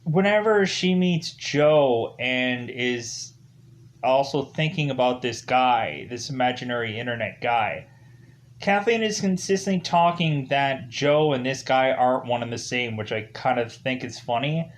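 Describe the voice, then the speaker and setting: A man talks through a film review in a loose, casual way. His voice sits at an average pitch, and he keeps circling back with fillers as he recounts the story. He now and then slips into rough, half-acted versions of the characters' lines. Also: a little slow. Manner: rambling, leans heavily on "ultimately" and "like" as fillers.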